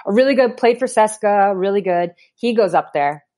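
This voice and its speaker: A woman's voice: mid-range voice, moderate pace. A woman guest on a podcast, telling a story casually with laughs and acted-out quotes. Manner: animated anecdotes with laughs and quoted voices. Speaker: guest, pro basketball player.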